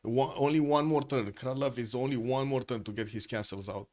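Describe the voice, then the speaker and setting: A man's voice: medium pitch, fairly quick, darkish tone. A man giving live, chatty commentary on a strategy game match who often stops to ask his viewers questions. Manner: chatty, asks chat questions, frequent filler words. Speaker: esports caster.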